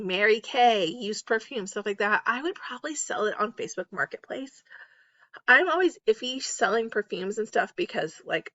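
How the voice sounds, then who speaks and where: A middle-aged woman talking casually about reselling online while she lists items, candid and quick to laugh at herself. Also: mid-range voice, a bit bright, dry recording, dull audio. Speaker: eBay reseller and YouTuber. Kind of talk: casual list-with-me chat. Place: home, at night. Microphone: close, off camera.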